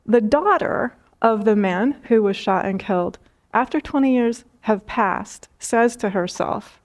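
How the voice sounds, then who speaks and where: A woman spiritual teacher giving a talk, telling stories gently with light laughs and repeated phrases. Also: a little high, unhurried.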